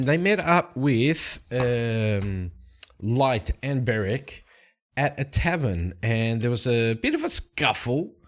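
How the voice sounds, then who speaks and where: A young man casually narrating his solo tabletop game, rambling with fillers and restarts. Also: mid-range voice.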